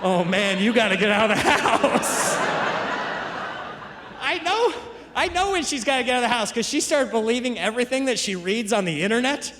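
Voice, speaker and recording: A male stand-up comedian telling stories to a live crowd, with quick asides to the audience, on a handheld stage mic. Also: extremely high pitch, lively intonation. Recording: live stage mic with long hall reverb and crowd laughter.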